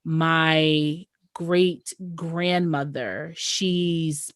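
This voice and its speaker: A woman with a fairly low voice chats on a podcast, recorded dry and close with no room sound. She tells her stories animatedly and slips into the voices of the people in them. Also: very slow, clean tone, no room sound. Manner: animated storyteller who acts out what others said. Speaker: podcast guest or host. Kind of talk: casual podcast chat. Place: Massachusetts.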